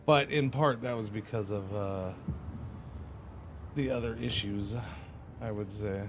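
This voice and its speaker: A man's voice: lowish voice, unhurried, long pauses, over music. A man streaming a game, chatting casually and rambling with playful exclamations. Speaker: livestreamer. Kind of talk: casual gaming commentary.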